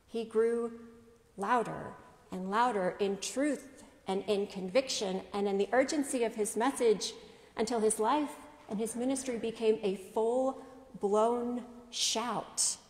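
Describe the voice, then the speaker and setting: A woman pastor delivers a sermon slowly and deliberately, frequently posing rhetorical questions. Her slightly high voice moves at an unhurried pace, and the echoey church gives the recording a long reverb.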